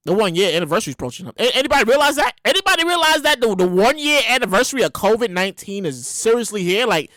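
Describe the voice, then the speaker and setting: Lively high-voiced woman podcast host. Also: fast, dry recording. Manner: animated, emphatic, slangy, swears freely. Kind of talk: casual comedic monologue.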